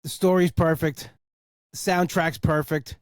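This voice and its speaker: A man's voice: fairly high pitch, little pitch movement, unhurried, no echo, clean studio sound. A young man hosting a casual solo podcast, rambling with enthusiasm and swearing for emphasis. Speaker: podcast host.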